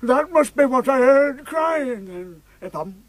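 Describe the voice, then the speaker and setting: A man voicing a muddled elderly man, slow and fussing. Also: very high-pitched, expressive, a bit bright, no echo, voice pushed up, exaggerated voice. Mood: puzzled.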